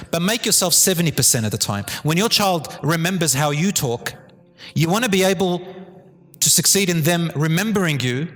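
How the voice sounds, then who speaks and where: Animated male speaker, slightly high voice, live talk in a hall with long reverb. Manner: animated, drops to a low calm tone to demonstrate. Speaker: Islamic teacher giving a talk.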